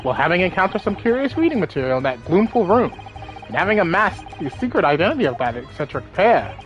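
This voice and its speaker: Woman voicing a smug detective man, drawling, dry, lowered soft voice. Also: very animated, fast talker, muffled recording, soft background music. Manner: drawling, dry, trailing off low. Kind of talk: video game let's play voice acting.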